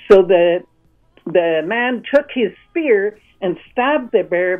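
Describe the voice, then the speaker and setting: A woman guest telling a vivid story on a radio talk show. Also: on the low side. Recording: tinny phone line.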